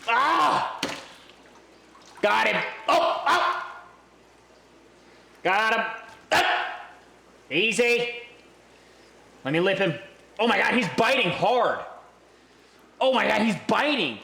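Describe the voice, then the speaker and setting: Excitable man with a lively voice. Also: sits high, unhurried, gravelly, pauses often, reverberant. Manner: excitable, exclaiming, repeats himself. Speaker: fish-keeping vlogger. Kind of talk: excited hands-on vlog commentary. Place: indoors by a large fish tank. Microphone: camera mic, handheld.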